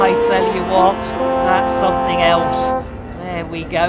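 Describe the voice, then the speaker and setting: A woman's voice: on the low side, fairly even intonation, slow pace, music in the background. An English woman live-streaming a game, chatting to viewers with cheeky, sweary banter and rhyming slang. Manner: chatty, talks to viewers and reads chat aloud. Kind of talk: casual live-stream commentary.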